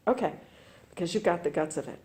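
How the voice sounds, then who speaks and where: A woman's voice: lowish voice, animated, fast talker, darkish tone. Upbeat woman chairing a club meeting. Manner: encouraging, laughs often.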